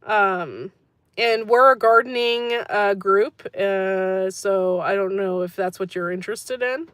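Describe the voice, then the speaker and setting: A woman's voice: medium pitch, slow, fairly bright tone, smooth, dry recording. Woman host of a gardening channel, casual live-chat delivery, talkative and rambling, dry recording. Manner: chatty and rambling, laughs often. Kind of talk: casual live-stream chat answering comments.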